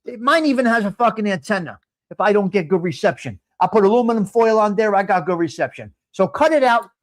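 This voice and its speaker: Brief: New man in his late fifties, high-pitched for a man, loud profane live-stream host who rants and addresses his viewers directly. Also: lively intonation, fast. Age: 50s. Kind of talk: casual chat to live chat viewers.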